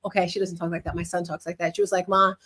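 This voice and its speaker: A middle-aged woman, an author hosting a live-streamed workshop, talking in a chatty, animated way and asking and answering her own questions. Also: fairly low pitch, very fast.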